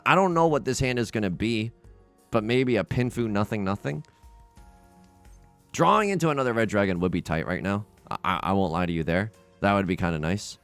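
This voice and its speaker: A young man casually commenting on his own game play, rambling and self-mocking with frequent restarts. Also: on the low side. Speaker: let's play host.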